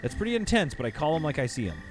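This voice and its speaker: A man's voice: on the high side, very animated, very fast. A man casually thinking aloud and bantering with his chat while he plays a building game on a live stream. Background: background game music.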